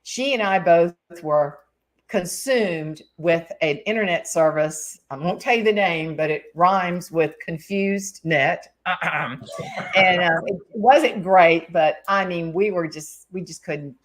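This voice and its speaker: A woman's voice: lowish voice, slow pace. A woman hosting a casual video-call chat, telling a funny story and acting out the voices of the people in it. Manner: animated, acts out other people's voices in her stories. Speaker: host.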